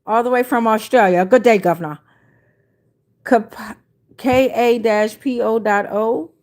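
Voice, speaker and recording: Slow, laid-back woman astrology reader. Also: on the high side, steady tone, a little mellow. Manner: laid-back, slangy, reads viewer comments aloud. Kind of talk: casual livestream chat.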